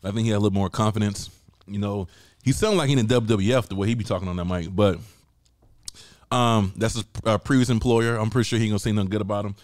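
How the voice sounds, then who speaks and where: A man co-hosting a podcast, loud, profane and joking in casual chat. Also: fairly low pitch, fast talker, no echo, studio quality. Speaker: podcast co-host. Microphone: studio mic.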